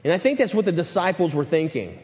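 A man preaching a sermon, swinging between loud emphatic build-ups and hushed lines. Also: high-pitched, very animated, fast, big-room sound. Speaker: pastor.

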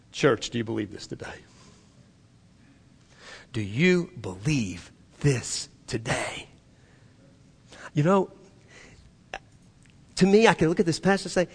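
A man preaching a sermon, his voice sitting a little high for a man. He moves between loud, emphatic preaching and hushed, soft passages, and he leads the congregation in call-and-response. The sound carries a long reverb from a church hall. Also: lively intonation, normal speed, vocal fry, long pauses, husky. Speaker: pastor. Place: church sanctuary.

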